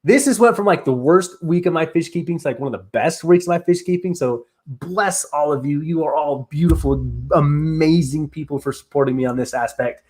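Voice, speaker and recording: A man hosting a casual live stream, talking in an excitable, rambling way full of "like". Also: on the high side, a little fast, few pauses. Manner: excitable, rambling, heavy use of "like". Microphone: streaming setup on camera.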